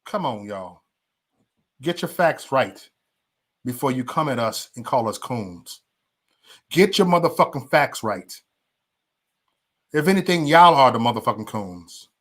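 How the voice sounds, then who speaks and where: A man's voice: mid-range voice, lively intonation, unhurried, long pauses, fairly bright tone. A man hosting a livestream, ranting heatedly and profanely at his viewers with emphatic repetition and stammered restarts. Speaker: livestream host.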